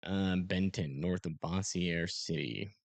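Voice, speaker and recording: A young man hosting a live storm-tracking stream, talking casually and haltingly with many fillers as he reads radar. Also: sits low, gravelly, no room sound. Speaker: storm-tracking livestream host. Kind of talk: live weather commentary.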